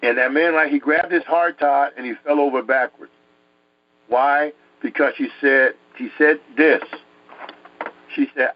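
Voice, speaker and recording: Man from New York, dramatic storytelling, emphatic repetition, slightly high voice, dull dry recording. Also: unhurried, no echo. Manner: emphatic, repeats words for effect. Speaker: guest telling his testimony.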